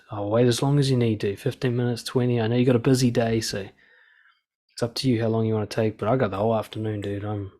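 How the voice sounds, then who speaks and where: Man, thirties, casual coaching talk, calm, blunt, swears. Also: medium pitch.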